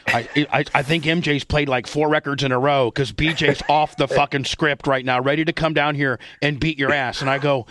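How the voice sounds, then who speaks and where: A middle-aged man, a radio host, telling a story in casual, profane, animated chat. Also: on the high side, a little fast, few pauses, a little hiss or hum.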